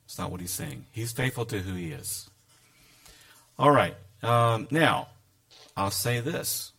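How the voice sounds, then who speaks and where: Male Bible teacher, mid-pitched with some vocal fry, conversational sermon delivery. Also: fairly bright tone. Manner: conversational, reads scripture aloud with asides.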